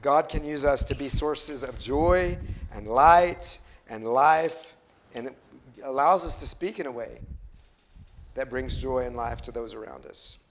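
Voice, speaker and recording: A man teaches a faith lesson in an easy, conversational way, putting questions to the room as he goes. He often circles back and restarts his phrases mid-thought, and his pitch sits in a middle range. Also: a little slow, a little hiss or hum. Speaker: Bible study teacher. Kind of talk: interactive class teaching.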